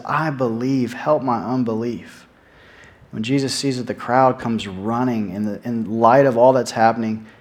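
A man's voice: medium pitch, a little mellow. A man preaching a sermon in an earnest way, often repeating words as he stresses a point.

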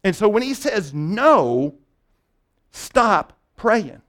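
A man's voice: high-pitched, big pitch swings, extremely slow, fairly bright tone. A male pastor preaching a conversational sermon, often restarting phrases and checking in with "right?".

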